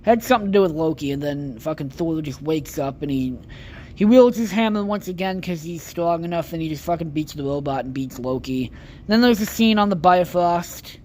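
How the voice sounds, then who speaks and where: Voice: mid-range voice, moderate pace, darkish tone, a little hiss or hum. A podcast host giving a casual, rambling movie recap, with heavy swearing and lots of filler words.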